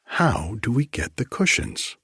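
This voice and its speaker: A man voicing a seventeen-year-old girl in an audiobook, speaking in a breathy, wistful but firmly insistent way. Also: medium pitch, big pitch swings, unhurried, pushed and bright, no echo, clean studio sound, voice pushed up, heavily acted. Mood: stern. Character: young girl of seventeen, earnest and determined. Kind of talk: audiobook reading.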